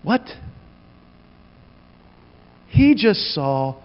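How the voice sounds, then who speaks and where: Male pastor, sermon, lively storytelling, slightly high voice, long hall reverb, dull lo-fi sound. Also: moderate pace. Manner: animated storytelling, acts out quotes.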